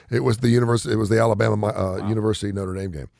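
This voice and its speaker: A man's voice: steady tone, quick pace, gravelly, a little mellow, no echo, studio quality. A middle-aged man co-hosting a radio show, chatting casually and teasing his partner. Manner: teasing, drops to a deep whisper for effect. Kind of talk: casual chat.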